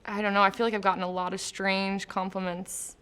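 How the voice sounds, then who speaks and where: A woman's voice: mid-range voice, little pitch movement, fairly quick, a bit bright, clear, resonant tone. A woman in a casual interview, chatty and laughing easily, explaining her post-production job between light questions. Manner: chatty, laughing, filler-heavy. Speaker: post-production traffic manager, interview guest. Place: company studio.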